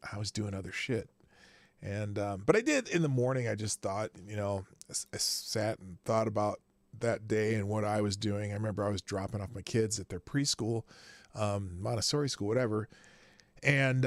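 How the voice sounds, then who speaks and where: A middle-aged man hosts his livestream from a small home studio, talking in a rambling, loose way and swearing offhandedly. His voice has a gravelly, creaky edge and swings widely in pitch. The sound is dry and close, with little room echo. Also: a bit bright. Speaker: livestream show host. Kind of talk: casual livestream chat.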